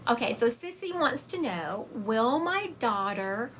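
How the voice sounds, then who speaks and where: A woman's voice: on the high side, sing-song, a little slow, fairly bright tone, a little hiss or hum. A woman hosting a live-streamed psychic reading session, talking to her chat viewers in an encouraging, direct way. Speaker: psychic medium host.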